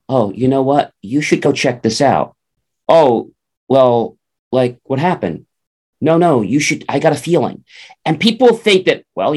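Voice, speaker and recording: A man co-hosting a motivational talk show, acting out little dialogues in changing voices as he makes his points. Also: medium pitch. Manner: animated, acts out little dialogues in character voices. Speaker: co-host.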